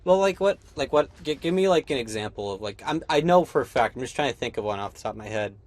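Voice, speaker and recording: A man's voice: medium pitch, animated, fast, no echo. A man co-hosting a casual film podcast, rambling with many restarts. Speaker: podcast co-host.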